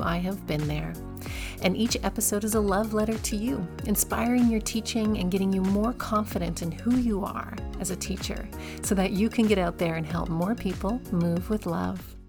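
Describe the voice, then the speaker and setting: Encouraging woman hosting a yoga-teacher podcast. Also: mid-range voice. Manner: warm, encouraging, asks the listener questions. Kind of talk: reflective solo podcast talk.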